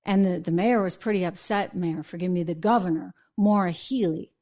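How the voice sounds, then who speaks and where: A woman's voice: lowish voice, fairly quick, dark tone. A woman from New Hampshire hosting an opinion show, indignant and full of rhetorical questions. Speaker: host.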